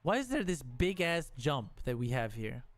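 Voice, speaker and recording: Animated male game streamer. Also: medium pitch, normal speed. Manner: talks to the game, frustrated and joking. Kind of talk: casual gameplay commentary.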